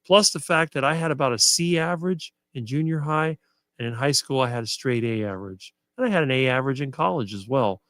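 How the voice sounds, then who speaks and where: Middle-aged male guest, smooth talker with no ums, dry close mic. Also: mid-range voice, expressive, a bit bright, dry recording. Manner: fluent and quick, few fillers. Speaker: guest on a diet talk show. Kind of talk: casual conversation on a live stream.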